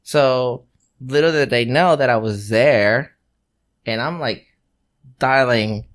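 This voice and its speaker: A man's voice: medium pitch, slow pace. A man co-hosting a podcast, telling a story in casual chat, swearing freely, laughing, and acting out the people he quotes. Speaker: podcast co-host.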